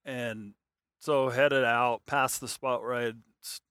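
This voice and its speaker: A man's voice: mid-range voice, steady tone, takes it slowly, a bit bright, clear, resonant tone, no room sound. A man telling a long hunting story in casual, rambling talk, full of fillers and restarts.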